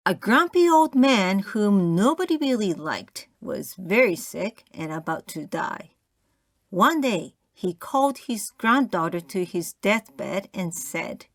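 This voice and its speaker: A woman reading short jokes aloud for English learners, telling them clearly and expressively. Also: medium pitch, sing-song, slow, no room sound, clean studio sound. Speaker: reader of a language-learning audio book.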